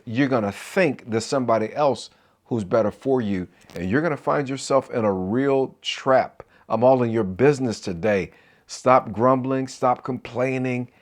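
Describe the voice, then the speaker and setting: A middle-aged man, a marriage coach, giving an encouraging talk to camera with preacher-like call-and-response asides. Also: medium pitch.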